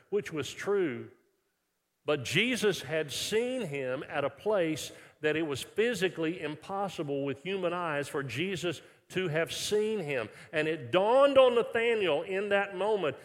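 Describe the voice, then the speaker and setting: Male pastor, fairly high voice, animated conversational sermon, long hall reverb. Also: measured pace. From Texas. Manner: animated, conversational preaching with many restarts, dropping soft for scripture. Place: large church worship center.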